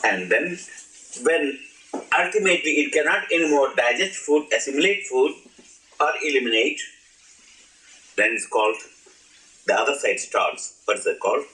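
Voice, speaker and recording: Playful teacher in an echoey hall. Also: male voice, medium pitch, expressive, moderate pace, pauses often, sharp tone. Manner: playful, laughing, asks the audience questions. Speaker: spiritual teacher. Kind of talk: informal spiritual talk to an audience. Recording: echoey room, old archive recording.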